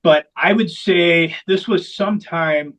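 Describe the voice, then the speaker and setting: Higher-voiced man telling his story. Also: takes it slowly, a bit bright, rough recording. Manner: candid, emphatic repetition for stress. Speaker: founder of a veterans hockey program. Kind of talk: long-form interview storytelling.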